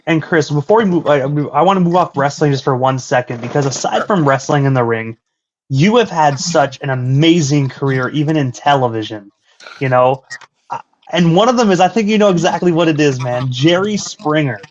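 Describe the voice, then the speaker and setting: A man's voice: fairly high pitch, expressive, moderate pace. A male radio host eagerly asking an interview question, stumbling over his words. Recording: dull lo-fi line.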